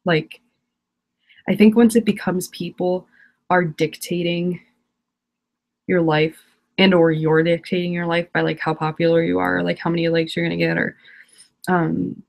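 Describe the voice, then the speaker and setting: A woman's voice: fairly low pitch, little pitch movement, normal speed, gravelly, pauses often. A teenage girl ranting on a live stream, exasperated and rambling, laughing often. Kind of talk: casual live-stream rant.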